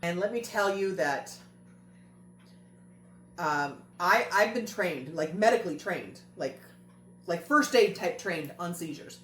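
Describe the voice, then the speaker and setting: A woman's voice: lowish voice, lively intonation, slow, long pauses, a bit bright, a little hiss or hum. A woman host telling a family story in a casual chat, earnest and repeating phrases for emphasis. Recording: roomy echo with faint music.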